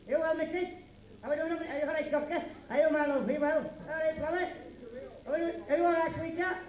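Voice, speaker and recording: Man, comedy sidekick, chirpy greetings, high voice, roomy echo, far from the mic. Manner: chirpy greetings to the audience, daft comebacks. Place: working men's club. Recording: echoey club from far off.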